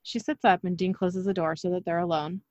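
A woman's voice: fairly low pitch, fairly even intonation, a little fast, a little mellow, no echo. A woman casually reading out an episode recap in a plain, matter-of-fact way. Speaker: recap narrator. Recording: slightly dull lo-fi audio.

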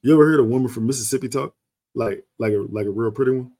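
A man co-hosting a casual podcast, laid-back and halting, often restarting his sentences as he thinks. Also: medium pitch, mellow. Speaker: podcast co-host. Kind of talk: casual sports and culture chat.

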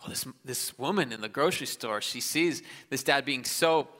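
A man in his thirties preaching a sermon in a large church, conversational and self-deprecating, with quick asides and restarts. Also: mid-range voice, sharp tone. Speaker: pastor. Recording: live church hall with long reverb.

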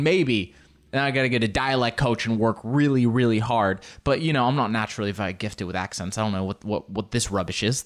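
A young man, a comedian hosting his own show, chatting casually in a rambling, self-mocking, animated way. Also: medium pitch. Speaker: comedian podcast host. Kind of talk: casual solo chat.

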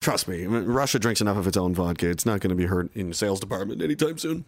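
A man's voice: sits low, animated, very fast, no echo. A man hosting a livestream, reading viewer comments with mocking, profane sarcasm. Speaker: political livestream host.

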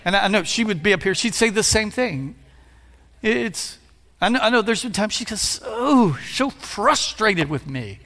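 Pastor, man, 50s, lively sermon with shouted peaks, gravelly edge to the voice. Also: high voice, normal speed. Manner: preachy, playful, builds to shouts. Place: church sanctuary. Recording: long hall reverb.

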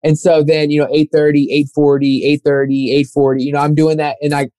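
Chatty young man, dark dry voice. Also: a little high, little pitch movement, a little fast, clear, resonant tone, no room sound. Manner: rambling, filler-heavy, acts out quoted voices. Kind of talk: casual storytelling chat.

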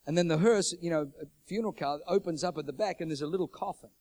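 A middle-aged pastor preaches from the pulpit and tells his stories with a lot of animation. His voice sits a little high for a man. When he quotes other people, he acts out their voices, and his pitch jumps around. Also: quick pace, darkish tone, no echo. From New Zealand. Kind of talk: sermon storytelling.

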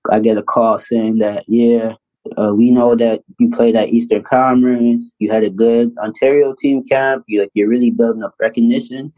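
A Canadian man in his thirties recounts his youth in a loose, conversational flow. His pitch stays mid-range, and he keeps rolling with fillers like "you know" and "like", slipping into voices when he quotes people. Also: low-quality recording. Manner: animated, fast storyteller full of "you know" and "like", acts out quotes; laughs often while telling his story. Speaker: podcast guest, pro basketball player. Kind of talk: casual storytelling interview.

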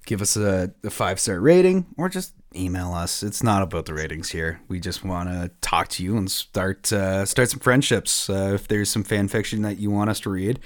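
A man's voice: sits low, normal speed, hardly any pauses, no echo. A young man hosting a podcast, chatting casually and laid-back, with plenty of "uh" fillers. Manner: laid-back, many "uh" fillers, laughs easily. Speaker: podcast host.

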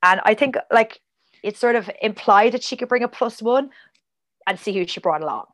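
A woman's voice: on the high side, expressive, normal speed. A woman guest on a casual podcast, chatty and rambling, full of "like" and side tangents.

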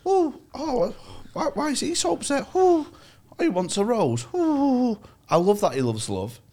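A man voicing a small, soft-hearted nightingale in a high, gushing voice while retelling a fairy tale. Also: sing-song, measured pace, full character voice.

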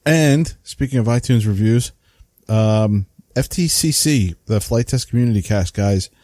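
A man's voice: medium pitch, unhurried, darkish tone, no room sound, clean studio sound. A man co-hosting a casual hobby podcast, laid-back and chatty, often tossing in "man". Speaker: podcast co-host. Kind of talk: casual chat.

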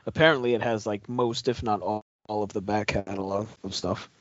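A man co-hosting a casual podcast while watching wrestling, making dry deadpan jokes that trail off quietly. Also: on the low side, a little fast, dry recording, muffled recording. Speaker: podcast co-host.

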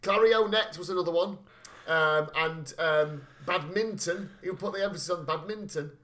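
A man's voice: a little high, a little fast. A man telling funny family stories in casual chat, swearing freely and laughing as he talks. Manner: animated storyteller, swears freely, laughs while talking.

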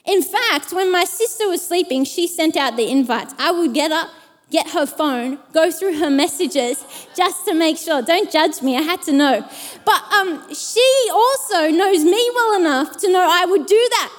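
A woman preacher giving a sermon, telling a personal story in an animated way and acting out the people in it. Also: very high-pitched, a little slow, in a large hall. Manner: animated, acts out the people in her stories.

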